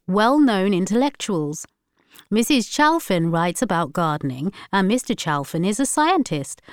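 A stern headmistress, as a woman narrator voices her, firm and lecturing. The voice is smooth and crisp, recorded close and dry like a storybook. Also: mid-range voice, a little mellow, dry recording, close to an everyday voice.

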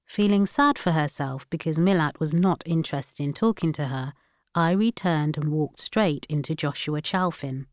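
A woman narrating a story in a steady, measured reading. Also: sits low, dry recording, clean studio sound. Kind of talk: scripted narration.

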